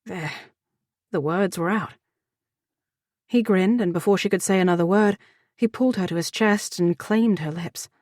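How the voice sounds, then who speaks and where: A woman narrator with a slightly low voice, reading a fantasy romance in a measured, even way. The recording is dry and close, with no room sound. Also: dry recording. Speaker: audiobook narrator. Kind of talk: scripted narration.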